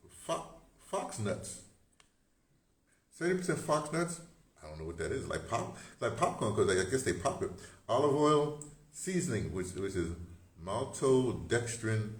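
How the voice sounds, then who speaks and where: Rambling, chuckling New man, roomy sound. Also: fairly low pitch. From United States. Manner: rambling, chuckling at his own jokes. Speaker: vlogger. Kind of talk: casual monologue to camera. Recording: roomy echo with faint noise.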